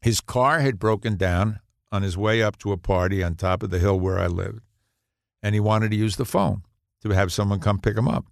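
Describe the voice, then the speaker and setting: A man in his eighties, a podcast guest, telling anecdotes in an animated way and laughing at his own punchlines. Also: fairly low pitch, moderate pace, gravelly, dry recording, clean studio sound. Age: 80s. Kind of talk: storytelling in a podcast interview.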